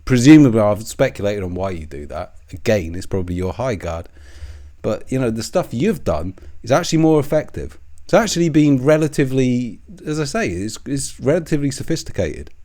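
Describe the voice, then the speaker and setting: A man's voice: medium pitch, very animated, fairly quick, dark tone. A man delivering a profane, scornful, sarcastic political commentary rant. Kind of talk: ranting commentary.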